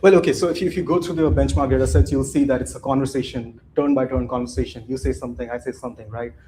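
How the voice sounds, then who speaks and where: Man, conference talk, mellow dark voice, casual and rambling, "right?" tags, faint background hiss. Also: medium pitch, fairly even intonation, fast talker. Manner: loose, conversational, with many "right?" tags and restarts. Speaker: conference speaker. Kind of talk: live conference talk with slides.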